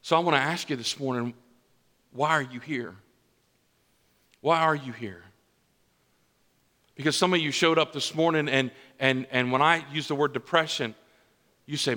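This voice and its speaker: A man's voice: mid-range voice, moderate pace, pushed and bright. A male pastor preaching a conversational sermon, often restarting phrases and checking in with "right?". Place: church sanctuary. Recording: church hall reverb.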